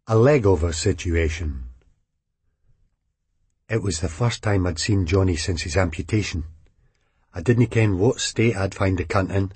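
Scottish man, audiobook narrator, deadpan, husky voice, dry recording. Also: low-pitched, no room sound.

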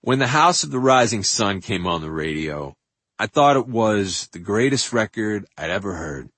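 An older man from New York reading his own memoir in an animated, profane way, with loud bursts and hushed asides. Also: fairly low pitch, moderate pace, slightly rough, dry recording. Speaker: memoir narrator. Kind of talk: audiobook memoir narration.

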